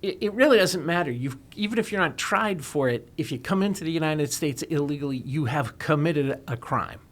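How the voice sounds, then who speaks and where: A man's voice: a little high, lively intonation, a little fast. Emphatic man arguing a legal point. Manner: lawyerly, argumentative, emphatic. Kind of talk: explanatory talk-show discussion.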